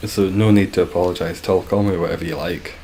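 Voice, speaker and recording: A young Scottish man with a low voice chats casually through a game stream. He jokes in a dry, teasing way and swears often. Faint noise sits behind him. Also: fairly even intonation, fast talker, warm tone. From Scotland.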